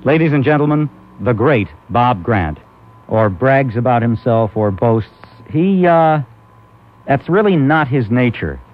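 A man's voice: mid-range voice, expressive, measured pace. A man hosting a comic talk radio show, rambling and laughing often. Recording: muffled old AM radio recording.

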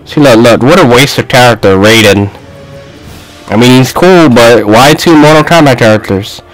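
A young man giving casual gaming commentary, trash-talking and shouting at a fighting game. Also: normal speed, rough recording. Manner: excitable, shouts and trash-talks at the game, swings loud and high. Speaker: gaming YouTuber. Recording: faint music behind.

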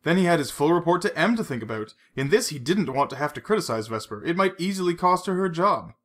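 A man narrating a novel aloud in a measured, steady read. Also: on the high side. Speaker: audiobook narrator. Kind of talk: scripted narration.

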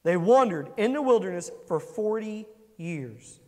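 A pastor preaches a conversational sermon in a large hall, his high voice expressive and a little slow. He asks the congregation questions and acts out quotes.

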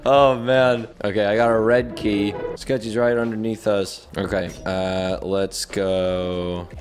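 A man hosting a gaming channel, giving excitable, jokey commentary to viewers while he plays. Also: lowish voice, slow, slight background noise. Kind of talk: casual gameplay commentary.

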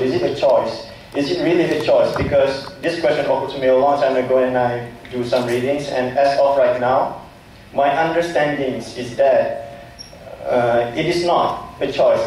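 Hesitant young student in echoey hall. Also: male voice, mid-range voice, a little mellow. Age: 20s. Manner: hesitant, polite, many fillers. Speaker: law student asking a question. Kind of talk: audience question at a forum. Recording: echoey hall, distant mic, faint noise.

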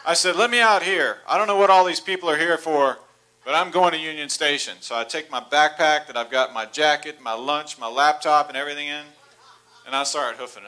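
Man in his forties, preacher, bright tense voice, fairly high, animated comic storytelling in church. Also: clear, resonant tone. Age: 40s. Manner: animated, laughing storyteller, rising to excited near-shouts. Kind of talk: storytelling sermon. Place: church sanctuary.

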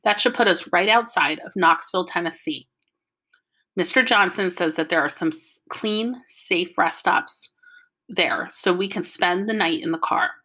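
A woman reading an audiobook, voicing a mother who calmly reads out a carefully organized plan for a family road trip. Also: fairly low pitch, a little slow. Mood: planning. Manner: orderly, matter-of-fact, explaining.

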